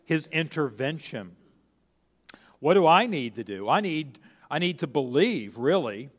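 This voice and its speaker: A middle-aged male pastor with a mid-range voice preaches a conversational sermon, often restarting phrases and acting out quoted speech. His voice trails off in a long reverb.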